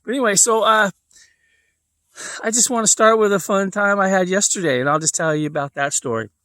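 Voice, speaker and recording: A man's voice: high-pitched, brisk, bright, forceful tone, no room sound, studio quality. A man telling a personal story in a casual, rambling way, with lots of fillers and restarts. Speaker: vlogger.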